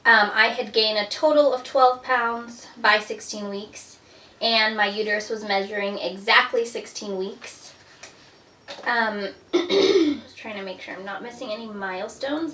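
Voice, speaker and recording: A woman's voice: medium pitch, bright, forceful tone, a little hiss or hum. A young adult woman giving a casual pregnancy update at home, chatty and full of fillers, a little out of breath. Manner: chatty, filler-heavy, lots of 'like' and 'um'. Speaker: vlogger. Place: indoors at home. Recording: roomy echo, mic at a distance.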